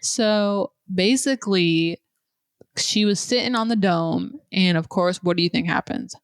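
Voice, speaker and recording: A woman co-hosting a podcast, telling a story with lively acted-out quotes and plenty of swearing. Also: mid-range voice, a little slow, clear, resonant tone, dry recording, studio quality. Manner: animated storytelling, acts out quotes, swears freely. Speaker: podcast co-host. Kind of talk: casual chat.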